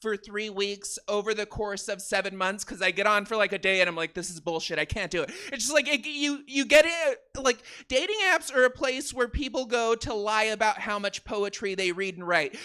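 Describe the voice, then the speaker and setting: A woman in her thirties doing a stand-up comedy set, swinging from quiet confiding asides to loud shouted punchlines. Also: fairly high pitch, fairly quick, clean tone. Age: 30s. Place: comedy theater stage.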